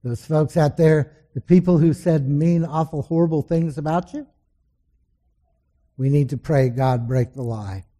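A man's voice: a little high, steady tone, unhurried, mellow. A male pastor preaching a sermon in an emphatic, storytelling way.

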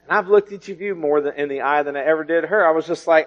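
A man preaches a testimony sermon, his slightly high voice rising and falling as he laughs through his stories. The recording sounds dull and lo-fi. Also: quick pace, few pauses. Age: 40s. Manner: folksy storytelling with laughter and swings in volume.

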